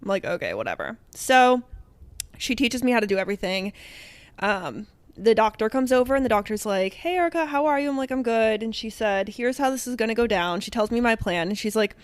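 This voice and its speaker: Chatty young woman with a bright voice. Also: on the high side, brisk, clear, resonant tone, no room sound. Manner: animated, acts out quoted dialogue, frequent "like", laughs often. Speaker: podcast co-host. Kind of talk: casual storytelling chat.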